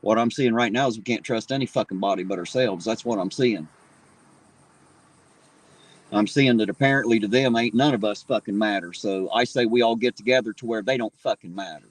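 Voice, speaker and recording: A man's voice: fairly low pitch, a little fast, no echo. A man, ranting angrily and with plenty of swearing on a street livestream, talking into his phone outdoors. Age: 40s. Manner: profane, fired-up ranting. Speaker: livestream host. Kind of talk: angry street livestream rant.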